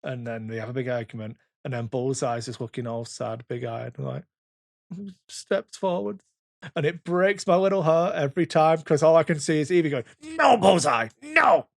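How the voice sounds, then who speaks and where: A man in his thirties rambles through a long story on a casual podcast, swearing freely as he goes. His voice sits at an ordinary pitch, and the recording is dry with no room sound. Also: moderate pace, vocal fry, a little mellow, no room sound. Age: 30s. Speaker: podcast co-host. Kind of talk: casual chat.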